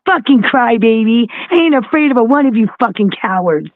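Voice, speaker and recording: A woman's voice: on the high side, lively intonation, fairly quick, dry recording. Scornful woman ranting over a tinny line. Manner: mocking, scornful, swears constantly. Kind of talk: heated livestream rant.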